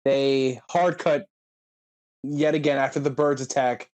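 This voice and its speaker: A man's voice: medium pitch, fairly even intonation, a little mellow. A man co-hosting a podcast, recapping a movie in casual chat and swearing freely. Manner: retells scenes with quick quoted lines, swearing. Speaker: podcast co-host.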